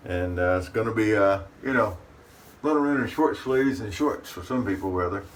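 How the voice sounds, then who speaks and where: Folksy low-voiced man, distant mic. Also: lively intonation, moderate pace. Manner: folksy, talks about himself in third person. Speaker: shaving channel host. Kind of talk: casual chat to camera. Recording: distant mic with faint room noise.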